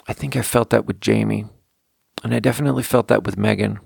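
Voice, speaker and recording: Low-voiced rambling man podcasting. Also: steady tone, creaky, darkish tone, husky, no room sound, studio quality. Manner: rambling, self-deprecating, quick to laugh. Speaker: podcast host. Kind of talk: casual solo podcast monologue.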